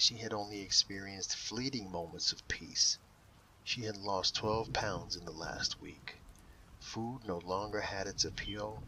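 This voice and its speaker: A man reading an audiobook in slow, measured scripted narration, dropping softly for quoted inner voices. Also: low-pitched, slight background noise, poor audio.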